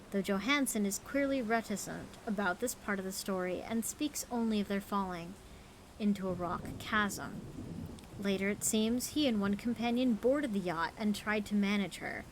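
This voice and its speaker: A woman's voice: medium pitch, slight background noise, lightly acted, poor audio. A woman voicing a news reporter, reading out a newspaper clipping in a formal newsreader manner.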